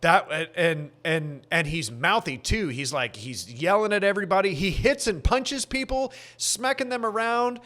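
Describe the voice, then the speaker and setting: A man's voice: high voice, lively intonation, moderate pace, few pauses, fairly bright tone. A man co-hosting a podcast, chatting casually and animatedly about a movie, rambling and laughing often. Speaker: podcast co-host.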